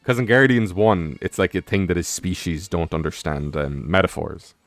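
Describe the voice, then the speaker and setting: Rambling low-voiced young man streamer. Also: moderate pace, dry recording. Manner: rambling, heavy on fillers, profane. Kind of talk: casual rambling commentary while gaming.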